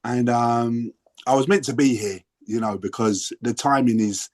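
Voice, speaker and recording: A man's voice: mid-range voice, steady tone, a little slow, darkish tone. A man in his sixties with a London accent, sharing his story in a twelve-step workshop in a rambling, earnest way with many restarts. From England. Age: 60s. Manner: rambling, self-interrupting, earnest. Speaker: workshop participant. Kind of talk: casual sharing on a video call.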